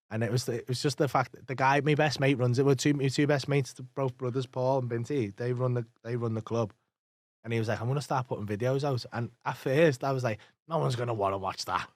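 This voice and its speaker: A man's voice: mid-range voice, dry recording. A man, a comedian telling swearing-filled anecdotes in casual podcast chat, acting out what people said. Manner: swears freely, fast animated anecdotes with acted-out quotes. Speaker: comedian guest.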